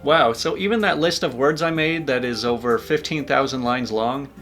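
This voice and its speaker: A man's voice: mid-range voice, moderate pace, a bit bright, soft background music. A man reading online stories aloud and adding dry, casual asides. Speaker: YouTube story reader. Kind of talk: reading online posts with commentary.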